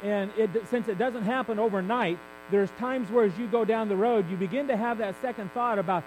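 A man's voice: high voice, brisk, few pauses, background noise. A man preaching a sermon in a candid, conversational way, building to emphatic peaks.

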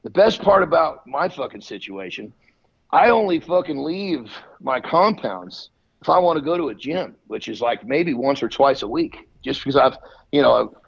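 This podcast host speaks in a mid-range, husky voice with vocal fry, lively intonation, and a moderate pace. His casual chat is blunt and boastful, with cursing in nearly every line, recorded in dull lo-fi quality.

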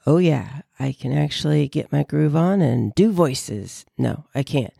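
A woman vlogger chatting casually to her viewers in an animated way. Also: sits low, a little slow, gravelly, few pauses, husky, no room sound, clean studio sound. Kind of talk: casual chat.

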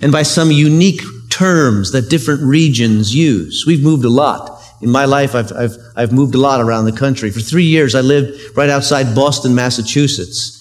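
A man's voice: medium pitch, moderate pace, few pauses. A man preaching a sermon as pastor, earnest and conversational, using everyday examples. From United States.

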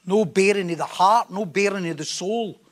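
High-voiced man preaching a sermon. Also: moderate pace. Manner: emphatic, repeats key phrases.

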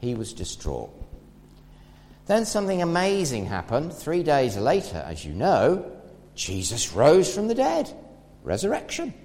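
Man, preacher, lively animated pitch, storytelling sermon, echoing hall. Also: unhurried. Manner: storytelling, swings between loud and hushed. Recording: long hall reverb.

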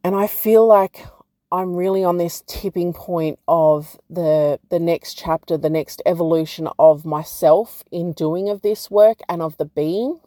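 A woman, speaking in a gentle, reflective way as she shares a personal vlog update and spiritual encouragement. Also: fairly low pitch, no room sound, clean studio sound. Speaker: program founder and guide.

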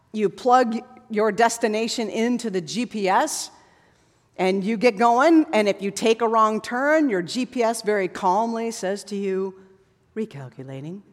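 A woman preaching a sermon in an earnest manner, rising to fervent passages and sinking to hushed closing words. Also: a little high. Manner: earnest, builds to fervent passages, drops to soft hushed endings. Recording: long hall reverb.

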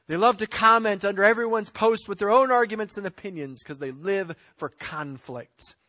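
Guy preaching a sermon, pretty high voice, punchy then drops low, dry close sound. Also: moderate pace, bright, forceful tone, dry recording. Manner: emphatic preaching with rising and falling intensity; clears throat now and then. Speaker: pastor.

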